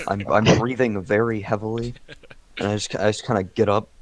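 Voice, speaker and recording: A man playing in a tabletop game, chatting casually and swearing excitedly. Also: on the low side, a little fast. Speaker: player. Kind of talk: casual role-play chat.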